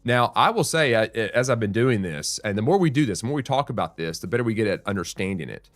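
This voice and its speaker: A man's voice: lowish voice, expressive, fast, no echo. A man hosting a real estate show, explaining market news in a conversational, thinking-aloud way with restarts and frequent "right?" asides.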